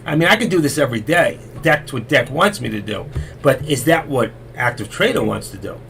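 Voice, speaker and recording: A man's voice: mid-range voice, expressive, brisk, creaky, fairly bright tone, a little hiss or hum. A middle-aged man hosting a live stream, telling rambling folksy stories and losing his voice. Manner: chatty, folksy, repeats himself. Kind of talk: rambling casual storytelling.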